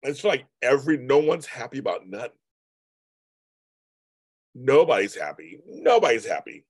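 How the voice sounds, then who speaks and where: A man's voice: mid-range voice, very animated, normal speed, breathy edge, no room sound. A man hosting a casual livestream, rambling and repeating himself as he chats with viewers and answers their comments. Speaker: livestream host. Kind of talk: casual live-stream chat reading viewer comments.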